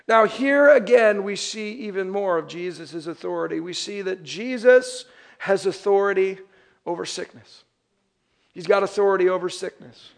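A young man preaches with a bright, high voice, often slipping into quick acted-out voices. He speaks as a pastor to his congregation, casual and animated. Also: creaky. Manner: animated, acts out quoted voices. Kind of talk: sermon.

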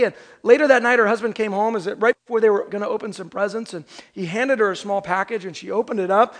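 Preaching at Christmas, this very high-voiced pastor shifts from telling a lively joke to a more earnest message. He slows his delivery and leans on important phrases for emphasis.

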